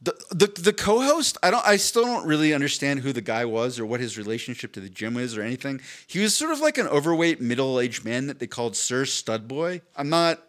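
A man's voice: mid-range voice, brisk, few pauses. A man on a podcast telling a long story in casual chat, rambling and swearing, acting out what people said. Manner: rambling, animated, swearing, acts out quoted people. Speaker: podcast co-host.

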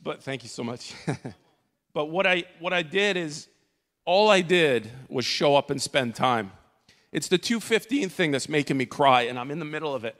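A man giving an earnest church testimony from the stage, halting and full of fillers and restarts. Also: a little high, animated, a bit bright. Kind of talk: emotional spoken testimony. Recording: long reverb of a large hall.

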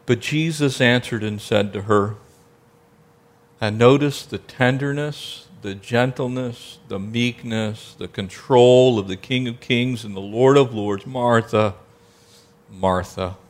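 A man preaching a sermon, asking the congregation rhetorical questions and now and then dropping to a soft, gentle tone. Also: medium pitch, unhurried. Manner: drops to a soft, gentle tone for quiet passages. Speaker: pastor.

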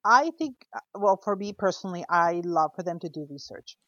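Low-voiced florist woman, dull dry sound. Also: expressive, a little fast, a bit bright, dry recording. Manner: thoughtful, trailing off mid-sentence. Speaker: florist guest. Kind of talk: casual podcast chat.

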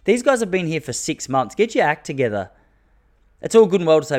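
A man's voice: on the high side, big pitch swings, brisk, a little mellow. An Australian man in his thirties hosts his own podcast alone. He talks casually and rambles from story to story. He jokes a lot and slips into mock rants. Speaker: podcast host. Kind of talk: casual solo podcast chat.

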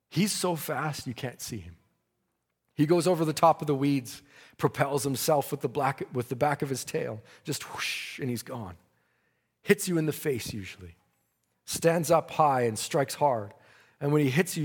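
A man's voice: mid-range voice, slightly rough, long reverb tail. A man preaching a sermon, telling a story dramatically and breaking into praise.

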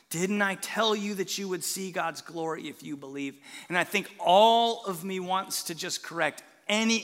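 Pastor, male, high bright voice, animated sermon storyteller, hall reverb. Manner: animated storytelling, swings from hushed to loud.

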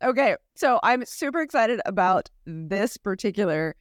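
A woman co-hosting a podcast in casual chat, talking very fast and laughing often. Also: medium pitch, animated, no echo, studio quality. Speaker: podcast co-host.

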